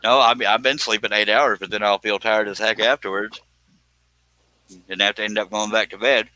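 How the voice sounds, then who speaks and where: A man's voice: lowish voice, fairly even intonation, fairly quick, sharp tone, poor audio. A man hosting a casual live stream while he cuts wood on a scroll saw, rambling and laughing at himself. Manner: rambling, self-deprecating, chuckling.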